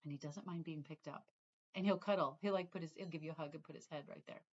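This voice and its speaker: Chatty lower-pitched woman, slightly dull recording. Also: fast. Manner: rambling, chatty, trails off and restarts. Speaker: cross-stitch vlogger. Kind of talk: casual chat to viewers.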